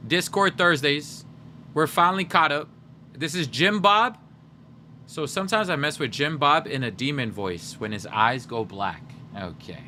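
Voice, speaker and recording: A young man hosting a livestream, chatting casually and teasing his viewers in a joking, animated way. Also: a little high, a little slow, a little hiss or hum. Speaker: livestream host.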